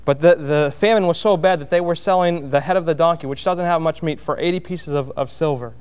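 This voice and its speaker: A man preaching a sermon, explaining a Bible passage verse by verse in a plainspoken way, with frequent pauses and restarts. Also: on the high side, darkish tone, clean tone. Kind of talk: sermon, expository Bible teaching.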